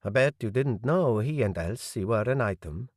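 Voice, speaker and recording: A male audiobook narrator playing a grieving young man who speaks in a measured, rueful way. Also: on the low side, expressive, a little mellow, dry recording, clean studio sound. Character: young adult man, grieving politician's son, guarded.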